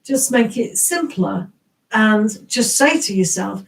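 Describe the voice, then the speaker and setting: A woman's voice: a little high, expressive, slow, vocal fry, far from the mic, rough recording. An English woman giving a casual, rambling tarot reading on a live stream. She greets viewers, laughs often and restarts her sentences.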